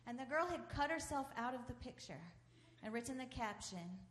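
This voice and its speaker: A woman who is a high school teacher, telling a chatty comic story on a theater stage. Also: lively intonation, fairly quick, fairly bright tone, roomy sound. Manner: chatty, laughs along. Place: theater stage before an audience.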